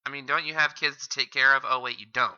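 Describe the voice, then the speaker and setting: A man's voice: mid-range voice, fairly even intonation, fast, pushed and bright, slight background noise. A man hosting a reaction commentary, heckling and insulting the video with constant swearing. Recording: dull lo-fi mic.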